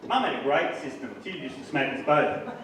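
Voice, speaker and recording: An Australian man on stage with a stand-up set of crude, punchy one-liners. His pitch sits a touch high and swings widely from line to line. The sound is distant and roomy, with loud noise running under it throughout. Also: lively intonation, moderate pace. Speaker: stand-up comedian. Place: live gig venue. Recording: distant, roomy, noisy live recording.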